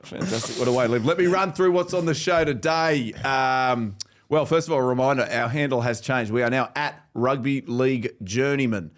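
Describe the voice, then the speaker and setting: A man hosts a casual sports podcast in a voice of middling pitch. His humour is dry and teasing as he ribs his co-hosts, and he keeps the chat moving along. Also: normal speed. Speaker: podcast host.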